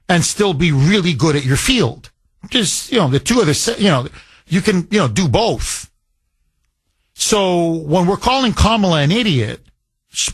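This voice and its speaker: A man's voice: high-pitched, breathy edge. A middle-aged man hosting a talk radio show, rambling and emphatic, with frequent fillers and restarts. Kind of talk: talk radio monologue and caller exchange.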